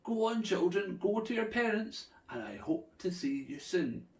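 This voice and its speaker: A man's voice: high voice, expressive, unhurried, creaky, far from the mic, pitched above the performer's own voice, full character voice. A man voicing a big, friendly, polite male lake monster in a children's story. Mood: gentle. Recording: echoey room.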